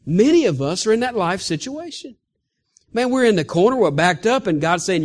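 A male pastor preaching an animated sermon, often chuckling as he speaks. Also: sits high, brisk.

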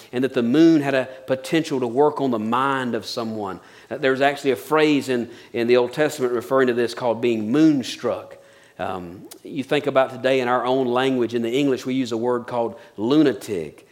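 A middle-aged man preaching a sermon, with emphatic, repetitive phrasing that drops to soft, intimate tones. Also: medium pitch, moderate pace. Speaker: pastor.

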